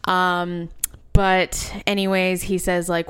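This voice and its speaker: A woman's voice: on the low side, slow pace, clear, resonant tone. A woman co-hosting a podcast in casual chat, recapping scenes and laughing easily. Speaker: podcast co-host.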